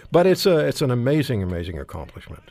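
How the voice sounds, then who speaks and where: Gravelly older Canadian man hosting. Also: medium pitch, big pitch swings, fast talker, darkish tone. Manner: rambling anecdotal storyteller, self-deprecating. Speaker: talk show host. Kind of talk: casual panel chat.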